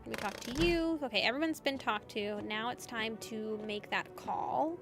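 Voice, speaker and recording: A woman streamer talks her way through a game, chatting playfully with the characters on screen. Her voice sits somewhat high. Faint music plays underneath. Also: measured pace. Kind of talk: casual game commentary.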